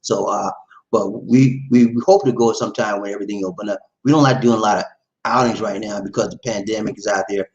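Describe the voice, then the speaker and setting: A man's voice: fairly low pitch, steady tone, quick pace, dull audio. A middle-aged man hosting a casual livestream, greeting viewers by name and laughing often. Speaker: livestream host reading chat.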